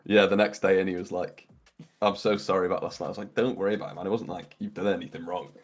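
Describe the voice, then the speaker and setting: A young man joining a stream as a guest, in relaxed, chatty conversation. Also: low-pitched, quick pace. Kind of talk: casual chat.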